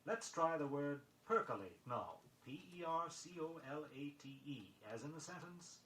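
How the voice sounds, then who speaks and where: A man reading a scripted pronunciation lesson, measured and precise, spelling words letter by letter on an old record. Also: fairly high pitch, sing-song, a bit bright. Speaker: vocabulary record instructor. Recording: echoey vintage vinyl recording with faint noise.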